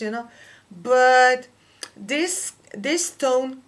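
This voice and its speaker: A woman whose first language is French, teaching a singing lesson and explaining slowly and carefully with small pauses. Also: high-pitched. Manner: slow, careful explaining with fillers. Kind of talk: vocal lesson with sung demonstrations.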